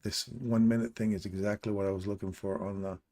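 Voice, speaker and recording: A man's voice: on the low side, flat delivery, brisk, mellow. A man from Canada hosting a live trading stream, pointing at charts and greeting chat viewers by name. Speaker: trading livestream host.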